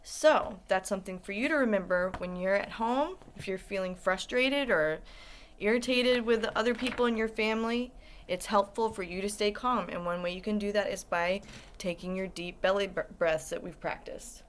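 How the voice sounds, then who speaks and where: A woman's voice: medium pitch, moderate pace, a little hiss or hum. A woman who is an elementary school guidance teacher, reading a picture book aloud to young children, asking them questions and encouraging them. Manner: warm, encouraging, asks the kids questions.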